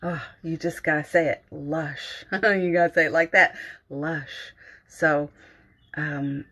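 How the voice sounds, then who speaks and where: A middle-aged woman hosting a casual morning livestream from home, gentle and giggly, greeting viewers and reading their comments aloud. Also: low voice, fairly even intonation, normal speed.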